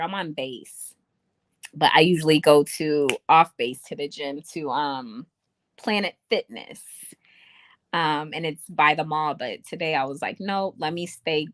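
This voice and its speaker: A woman's voice: low-pitched, dry recording. A young woman hosting a casual livestream from home, chatting and reading viewer comments aloud. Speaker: livestream host. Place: home room. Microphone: webcam or phone mic.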